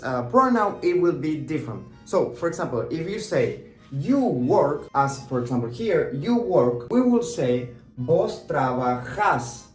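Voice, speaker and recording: A man from Argentina with an Argentine Spanish accent, teaching an online language lesson in English and patiently repeating example words slowly. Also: on the high side. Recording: roomy echo with faint music.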